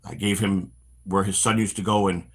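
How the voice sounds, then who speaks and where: A man's voice: sits low, moderate pace, husky. A middle-aged man from the Chicago area, hosting a walk-and-talk stream and telling long rambling stories from his past while out on a walk, acting out the voices of the people in them. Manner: animated storyteller, acts out quoted voices, frequent restarts. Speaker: stream host. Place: outdoors on a walk.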